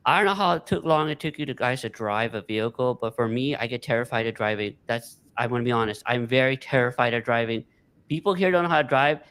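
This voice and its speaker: Male guest from California, plain mid-range voice, earnest and halting. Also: medium pitch, a bit bright, smooth. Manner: candid, hesitant, with uh's and restarts. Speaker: podcast guest. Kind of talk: casual chat.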